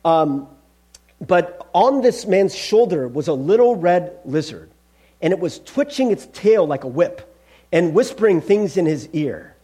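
Animated, husky-voiced male pastor. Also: high-pitched, unhurried. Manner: animated, conversational, addresses listeners as friends. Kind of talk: sermon.

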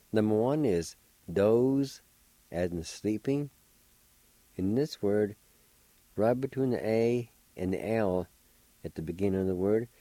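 A man's voice: on the low side, warm tone, no room sound, rough recording. A middle-aged man, patiently spelling and pronouncing words as a radio language teacher. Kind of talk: slow spelling and pronunciation lesson.

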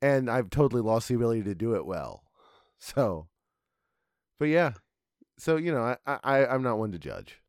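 A middle-aged man co-hosting a podcast, telling a story in a rambling, halting way. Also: medium pitch, big pitch swings, dry recording, clean studio sound. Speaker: podcast co-host. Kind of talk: casual podcast chat.

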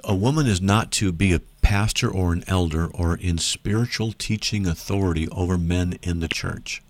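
A man's voice: low-pitched, moderate pace. A man hosting a Christian call-in radio show, talking emphatically and in a preachy way, his voice climbing sharply when he argues.

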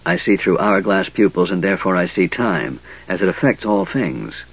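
A man voicing a frail, cold young mage in a soft, wheezing, hissing whisper. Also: deep voice, expressive, moderate pace, husky, no room sound, dull audio, exaggerated voice.

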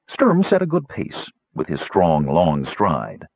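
A man narrating an audiobook in a measured, expressive storytelling manner. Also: extremely low pitch, dry recording. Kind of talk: scripted narration. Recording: dull, dry recording.

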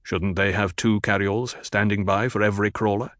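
A man playing a calm, measured noble duke. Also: lowish voice, no room sound, studio quality, natural voice.

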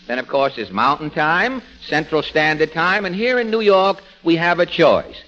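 A middle-aged man with a nasal twang, a radio comedian and master of ceremonies delivering dry, sharp wisecracks. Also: on the high side, lively intonation, moderate pace. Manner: dry sharp wit, wry asides. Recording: dull 1940s radio broadcast with faint noise.

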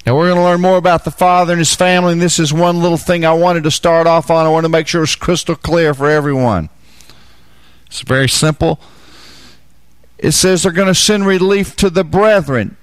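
High-voiced man teaching a sermon. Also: steady tone, fairly quick, clean tone, no echo. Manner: repeats key phrases, asks the listeners questions. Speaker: preacher.

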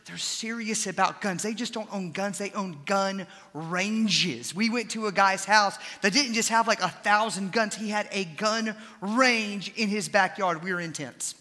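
A young adult man preaching a sermon, switching between scripture and animated, folksy storytelling asides. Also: sits high, unhurried, hardly any pauses, long reverb tail.

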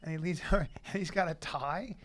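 A man tells stories in a loose, animated way, dropping to a low mutter for asides. His voice sits high and has a bright, forceful edge. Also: fairly quick. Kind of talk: casual storytelling chat.

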